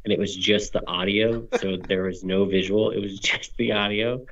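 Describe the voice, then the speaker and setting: A man in casual chat, relaxed and brief. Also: fairly low pitch, moderate pace, far from the mic. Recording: dull sound from off mic.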